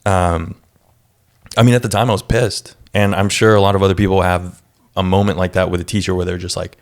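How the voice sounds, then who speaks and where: Deep-voiced young male podcast host. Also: fairly quick. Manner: relaxed, loose, with frequent fillers. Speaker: podcast host and former student. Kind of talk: casual interview chat.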